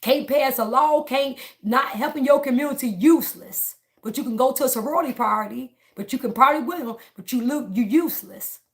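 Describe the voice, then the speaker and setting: Emphatic woman livestreamer, fairly high voice. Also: a little fast, few pauses. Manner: emphatic, repeats phrases, talks straight to viewers; laughs between lines. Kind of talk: casual livestream monologue, preaching.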